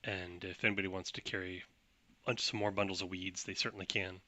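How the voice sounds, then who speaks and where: A man's voice: deep voice, level tone, a little fast, bright, forceful tone. A man narrating and running a tabletop role-playing game, laid-back and rambling. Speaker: game master.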